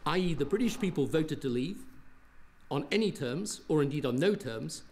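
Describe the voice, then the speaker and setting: A man delivering a formal political speech in a measured, deliberate way. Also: fairly high pitch, lively intonation, darkish tone.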